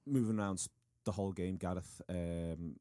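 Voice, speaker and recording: A man, hosting a football podcast in casual chat, animated and full of restarts. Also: low voice, no room sound. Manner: fast, animated, with many restarts. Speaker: podcast host.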